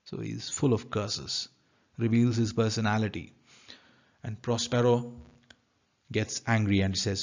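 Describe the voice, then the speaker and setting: Slow, careful male literature teacher. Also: fairly low pitch, little pitch movement, gravelly, dull audio. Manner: slow, careful, reads lines then paraphrases. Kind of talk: reading and explaining a play in class.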